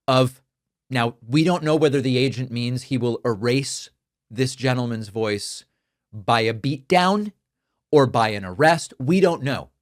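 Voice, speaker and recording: A man's voice: medium pitch, no room sound, studio quality. Earnest male political commentary host. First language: Spanish. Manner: earnest, emphatic, measured. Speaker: show host. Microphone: studio dynamic microphone.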